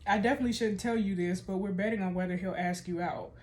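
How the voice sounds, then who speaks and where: A woman reading out the lines of a teasing married woman in a game, in a lowered, even voice. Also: fast talker, slight background noise, natural voice.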